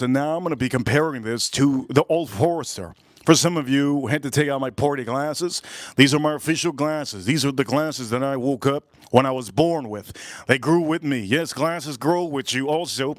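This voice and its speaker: A man hosting a casual outdoor barbecue livestream, repeating himself and giving loud, excited shout-outs to his viewers. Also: mid-range voice, dry recording. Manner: repetitive, hyped shout-outs to chat. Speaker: livestream host. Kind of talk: casual live-stream chat.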